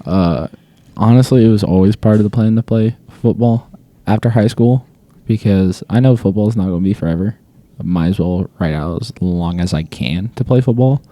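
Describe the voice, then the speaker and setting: Young man, low voice, mellow tone, dry sound, laid-back rambling interview guest. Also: normal speed, dry recording. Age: young adult. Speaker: student athlete guest. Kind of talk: casual interview chat.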